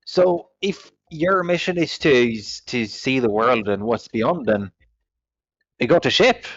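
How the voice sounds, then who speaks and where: A man doing a friendly ship captain who halts and restarts as he pitches a place on his crew. His voice sits in a middle pitch, and the online-call audio is slightly muffled. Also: lively intonation, a bit bright. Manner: rambling, halting restarts. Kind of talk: tabletop role-play.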